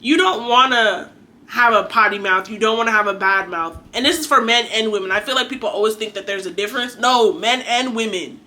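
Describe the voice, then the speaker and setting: A woman's voice: a little high, fairly quick, bright, forceful tone. A young adult woman giving an earnest, chatty faith talk to her viewers, exhorting and conversational. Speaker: faith vlogger. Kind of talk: casual preachy monologue.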